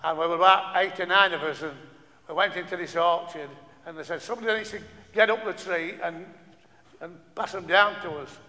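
Man, preaching, bright high voice, long hall reverb, halting restarts. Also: fairly even intonation. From northern England. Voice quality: repetitive, stumbling restarts, rhetorical questions to the audience. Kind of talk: sermon.

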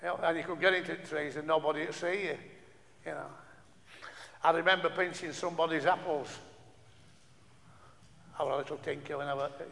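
A man's voice: on the high side, steady tone, a little fast, vocal fry, long pauses, a bit bright. A man preaching a sermon, stumbling over restarts and asking the listeners rhetorical questions. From northern England. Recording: long hall reverb.

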